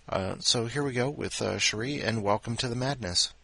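Rambling, bright-voiced male podcast host. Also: medium pitch, moderate pace, creaky, dry recording. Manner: scattered, self-mocking, jokey asides. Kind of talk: casual rambling monologue.

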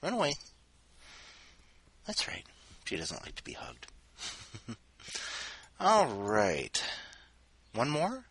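A man hosting a podcast in a casual chat, talking softly to his cats between segments. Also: lowish voice, wildly swooping pitch, takes it slowly, long pauses, slight background noise. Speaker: podcast host.

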